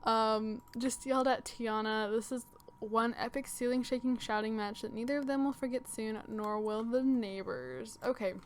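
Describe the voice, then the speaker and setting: Young woman chatting thru her game, umms a lot, kinda high voice. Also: fairly even intonation, moderate pace, a little hiss or hum. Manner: chatty, thinks aloud with many fillers. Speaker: gaming channel host. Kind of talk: casual let's-play commentary.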